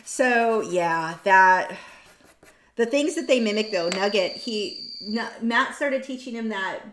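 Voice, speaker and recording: In an echoey home art studio, a woman streams herself drawing, chatting loosely and rambling through viewer comments she reads aloud. She talks slowly in an expressive, mid-range, slightly bright voice, with slight background noise.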